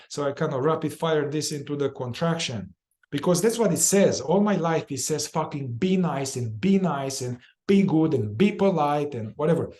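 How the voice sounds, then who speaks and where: A man's voice: fairly high pitch, darkish tone. A man leading a guided somatic therapy group, talking informally, repeating phrases and sometimes swearing. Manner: informal and repetitive, acts out inner voices with quick chanted phrases and swearing.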